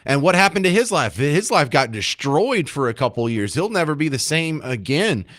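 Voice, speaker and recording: A man's voice: a little high, big pitch swings, normal speed, a bit bright, dry recording. A man hosting a talk radio call-in show, giving blunt, opinionated commentary into a studio microphone.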